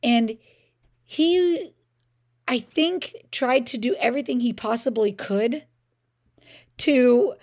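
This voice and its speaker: A woman's voice: a little high, slow pace, pauses often, a little mellow. A middle-aged woman hosting a parenting podcast, telling a personal story in a conversational way, often saying "I mean" and "like".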